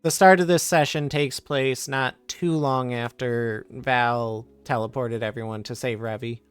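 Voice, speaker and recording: Slow, smooth-voiced tabletop player. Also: mid-range voice, steady tone, soft background music. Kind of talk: casual tabletop game chat.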